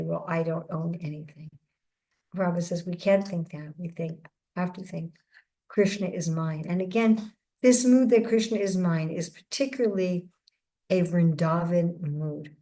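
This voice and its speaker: A woman delivering a devotional lecture in a mellow, rather low voice. She speaks in a measured, reflective way and often circles back to restart a phrase. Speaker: guest speaker giving a scripture class.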